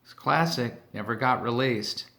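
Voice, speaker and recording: A man with a middle-pitched voice telling one corny joke after another. He delivers them deadpan and lets each punchline trail off softly. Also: a little slow, vocal fry.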